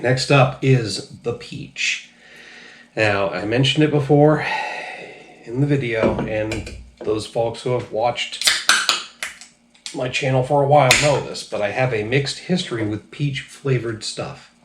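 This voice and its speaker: A man's voice: medium pitch, unhurried, roomy sound, noisy background. A man casually reviewing drinks on his channel, a little tipsy, talking loosely and profanely with lots of ums. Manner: loose, profane, rambling with many fillers.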